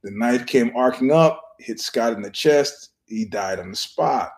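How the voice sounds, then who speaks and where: A man's voice: mid-range voice, lively intonation, a little slow, darkish tone. A man hosting his own podcast, telling stories in a meandering, profane way and keeping his voice down. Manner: profane, meandering storyteller with frequent restarts; keeps his voice down so he won't disturb a filming nearby. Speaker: podcast host. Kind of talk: casual rambling monologue.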